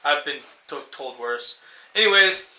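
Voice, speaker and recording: A man's voice: on the high side, animated, unhurried, sharp tone, a little hiss or hum. A man co-hosting a podcast, ranting in a rambling, profane way and acting out scenes in mocking voices. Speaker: podcast co-host. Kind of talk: casual ranting chat. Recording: roomy echo.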